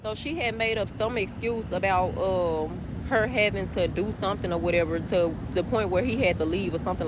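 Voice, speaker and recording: A woman, chatting casually to viewers and telling a story in an animated way, swearing as she goes. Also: fairly low pitch. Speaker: storytime vlogger. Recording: outdoor noise with passing vehicles.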